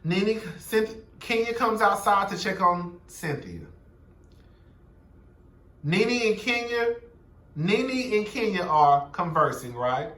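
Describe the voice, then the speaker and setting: A man's voice: sits high, expressive, slow, long pauses, a bit bright, roomy sound, recorded from a distance. A young man giving a sassy, blunt, profane recap of a reality TV episode, gossiping and quoting the cast. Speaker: show recap commentator.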